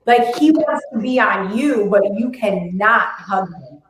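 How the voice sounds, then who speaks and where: A woman's voice: medium pitch, measured pace, a little hiss or hum. Woman chatting in an echoey room. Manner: animated, playful storytelling. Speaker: spiritual practitioner who teaches classes. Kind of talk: casual group chat. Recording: roomy echo.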